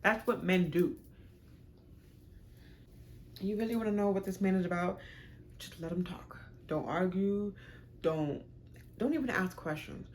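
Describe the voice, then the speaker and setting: A young woman telling a storytime on her vlog, frank, animated and profane. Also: medium pitch, measured pace, long pauses, a little hiss or hum. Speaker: vlogger.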